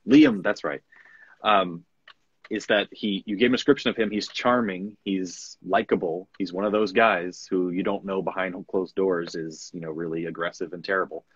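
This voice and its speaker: A man's voice: deep voice, fairly even intonation, normal speed, breathy edge, dry recording. A man who narrates audiobooks, speaking candidly and reflectively in a conversational interview, recorded with dull, muffled lo-fi sound.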